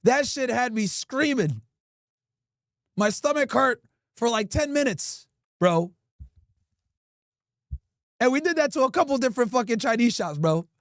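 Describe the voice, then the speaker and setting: A man in his thirties from Connecticut, telling crude stories to his livestream chat in a lively, laughing way. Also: very high voice, a little slow, pauses often, no room sound, clean studio sound. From Connecticut, USA. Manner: animated, crude, laughing storyteller. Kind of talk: casual storytelling to chat.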